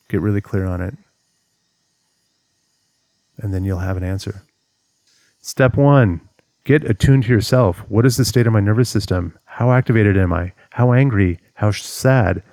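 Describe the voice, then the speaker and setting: Speaking straight to the camera, a relationship coach gives earnest advice step by step and acts out the things a person might tell themselves. His voice is fairly low and mellow at a normal speed with frequent pauses, recorded dry with clean studio sound.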